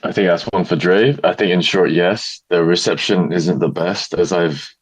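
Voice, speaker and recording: A man's voice: sits low, normal speed, husky. An easygoing man answering a question in a casual live audio chat. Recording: dull lo-fi audio.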